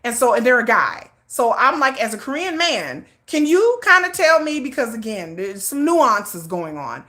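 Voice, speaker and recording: A middle-aged woman talks her way through a casual livestream, circling back and restarting her sentences as she goes. Her voice is bright and forceful and sits slightly high, and she keeps the energy animated. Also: normal speed. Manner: rambling, repeats and restarts, animated. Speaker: livestream host.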